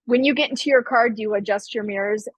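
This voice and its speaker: A woman's voice: a little high, quick pace, breathy edge, dry recording, low-quality recording. Teasing female podcast co-host, dry close sound. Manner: teasing, pointed questions. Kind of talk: casual chat.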